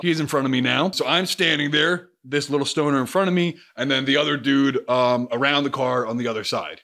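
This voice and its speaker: A young man recounting a story for his channel, with a bright, forceful voice that swings widely in pitch. He talks with restless energy and heavy swearing, jumping between mumbled asides and loud bursts. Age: young adult. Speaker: YouTuber. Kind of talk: storytelling vlog.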